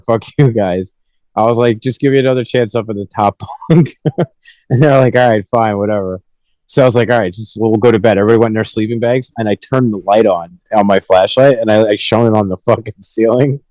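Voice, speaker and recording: A man's voice: on the low side, darkish tone, no echo, poor audio. A young man telling rambling, profanity-filled stories with laughs in a casual podcast chat. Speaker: podcast host.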